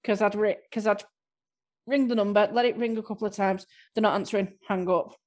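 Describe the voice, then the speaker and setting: A woman with a warm-sounding Scouse accent chats through interview questions, laughing at herself now and then. Her voice sits at an ordinary middle pitch, and she talks in a loose, casual way. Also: steady tone, fairly quick. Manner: chatty, self-deprecating, laughs easily. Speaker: improv performer, interviewee.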